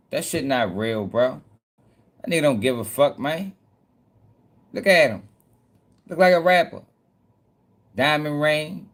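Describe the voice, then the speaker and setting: A man's voice: a little high, fairly bright tone. A man hosting casual news commentary, talking bluntly in profane slang. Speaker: host.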